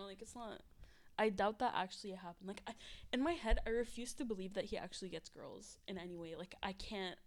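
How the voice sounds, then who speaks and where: A young woman guesting on a casual podcast, her voice in a middling pitch. She talks in a skeptical, questioning way, padding her thoughts with loose fillers. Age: young adult. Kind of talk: casual chat.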